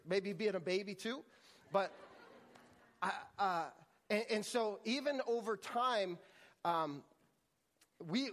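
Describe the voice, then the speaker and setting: High-voiced male pastor in a reverberant hall. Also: a bit bright. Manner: storytelling with frequent restarts and repeated words. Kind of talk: sermon.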